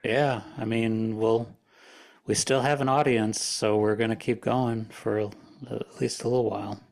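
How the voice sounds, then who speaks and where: A man with a lowish, gravelly voice who speaks slowly and haltingly, often pausing and restarting. He co-hosts a casual talk about scripture readings. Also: steady tone, darkish tone. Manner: halting, with frequent fillers and restarts. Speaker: podcast co-host. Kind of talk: casual religious discussion.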